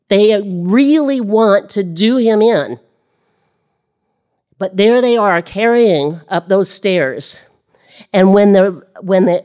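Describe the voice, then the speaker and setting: Low-voiced woman preaching a sermon. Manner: animated, rising when quoting the crowd, dropping low and soft in reflection. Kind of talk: sermon on a scripture passage.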